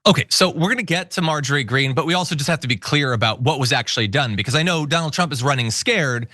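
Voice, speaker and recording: A man hosting a political commentary show, mocking his targets with sarcasm. His voice is bright and slightly high, and it swoops a lot in pitch. The sound is dry and close. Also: animated, quick pace, dry recording. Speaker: host.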